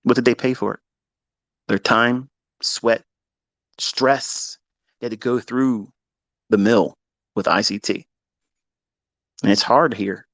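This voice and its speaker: A man giving a blunt, profane trading lecture, hammering points with repetition and swinging between loud bursts and low asides. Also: fairly even intonation, slow, pauses often, dry recording. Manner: blunt, heavy swearing, emphatic repetition. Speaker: trading educator.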